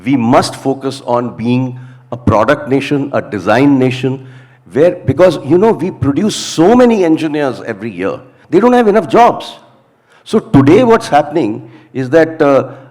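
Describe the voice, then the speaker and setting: A man's voice: mid-range voice, big pitch swings, normal speed, a little mellow. A man answering firmly as a panelist in a discussion. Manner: emphatic, firm opinions.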